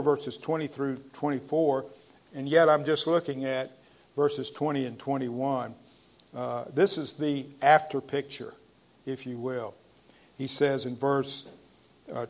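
A man preaching a sermon, emphatic at times, with frequent "uh" pauses, and slowing down to read scripture. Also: medium pitch, vocal fry, a little mellow. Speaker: pastor.

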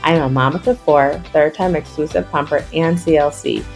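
A woman's voice: low-pitched, normal speed, gravelly, darkish tone. A woman hosting a podcast, reading a welcoming, upbeat scripted intro to her show. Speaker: podcast host. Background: faint background music.

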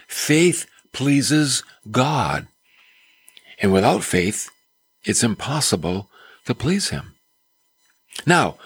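A man's voice: medium pitch, slightly rough, no echo. A male preacher giving a conversational sermon, full of rhetorical questions.

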